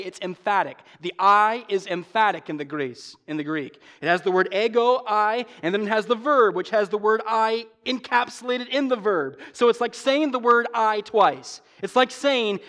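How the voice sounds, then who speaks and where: Preaching with emphasis, a man serving as pastor moves from loud, stressed lines to quiet asides. On his recurring refrains, his pace drops sharply.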